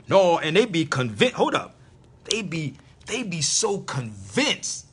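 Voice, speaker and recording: A husky man lectures on a live stream, hammering home his points and repeating them. His fairly high voice rises and falls in a lively way. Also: normal speed. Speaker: internet radio host.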